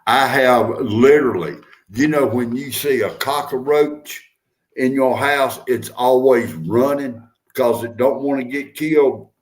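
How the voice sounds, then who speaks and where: A man's voice: medium pitch, measured pace. An older man chatting casually as a host, telling stories in a folksy, drawling way. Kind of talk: casual chat.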